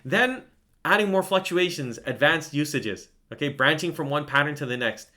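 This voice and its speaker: A man's voice: a little high, animated, normal speed, pushed and bright. A man teaching Quran recitation in an online lesson, explaining casually and enthusiastically, often checking in with "right?" and breaking into melodic chanting to demonstrate.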